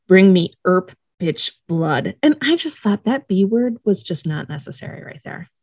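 A woman's voice: medium pitch, sing-song, normal speed, darkish tone, no echo, clean studio sound. A woman co-hosting a podcast, recapping a show episode in a casual, chatty way with wry asides and laughs. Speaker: podcast co-host.

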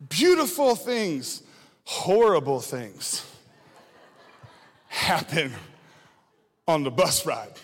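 A male student ministry pastor, preaching with animated storytelling that shifts from slow prayer to lively anecdotes. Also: a little high, in a large hall. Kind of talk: sermon with personal storytelling.

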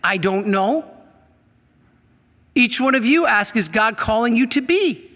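A man's voice: very high-pitched, lively intonation, unhurried, pushed and bright, in a large hall. A middle-aged man preaching a sermon to a congregation, emphatic and asking them questions. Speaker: priest. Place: church.

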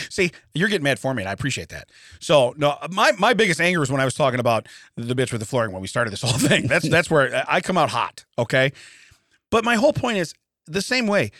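A man co-hosting a podcast, telling a story in an animated rant, often laughing. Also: fairly high pitch, quick pace, no echo, studio quality. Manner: animated ranting with frequent laughter. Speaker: podcast co-host. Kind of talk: casual comedic storytelling.

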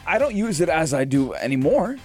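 A man's voice: a little high, sing-song, a little fast, a little mellow, faint music behind. A man co-hosting a radio show, chatting casually with jokes and rambling restarts. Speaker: radio co-host.

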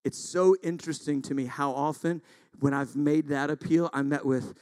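A man's voice: on the high side, steady tone, moderate pace, hardly any pauses, clear, resonant tone, dry recording. A man, a pastor, preaching a sermon in an intense, emphatic way with self-deprecating asides. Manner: intense, builds to loud emphatic peaks.

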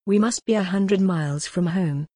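A woman's voice: fairly low pitch, moderate pace, dark tone, dry recording, studio quality, natural voice. A woman voicing a confused, frightened young woman in her twenties who pleads anxiously to go home. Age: 20s.

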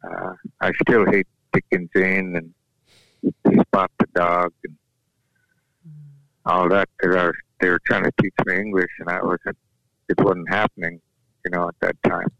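A man whose first language is Yup'ik, telling a personal story in an unhurried, halting way, often restarting his sentences. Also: sits low, flat delivery, vocal fry, a bit bright, no room sound. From Alaska. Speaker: guest sharing a personal story. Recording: dull lo-fi dry recording.

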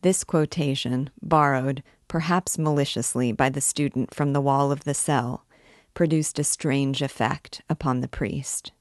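A woman reading a classic novel aloud as a guide, in a clear, even storytelling manner. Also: a bass voice, unhurried, dry recording, clean studio sound. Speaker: book reader and guide.

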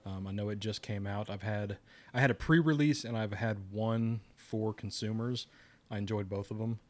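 A man hosting a laid-back podcast and chatting loosely. His voice sits fairly low, and he rambles along, restarting his sentences and laughing easily. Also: steady tone, normal speed, darkish tone. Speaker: podcast host. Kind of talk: casual chat.

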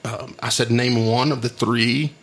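A man's voice: mid-range voice, steady tone, fairly bright tone. A man hosting a podcast, chatting casually in a joking, rambling way. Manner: joking, rambling, quick to laugh. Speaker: podcast host.

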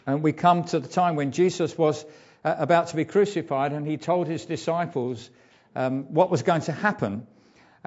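A man delivers a sermon in an informal, conversational way, pausing often on ums and uhs. His voice sits a little high for a man. The recording is dull and lo-fi. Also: darkish tone. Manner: hesitant, frequent ums and uhs. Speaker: preacher.

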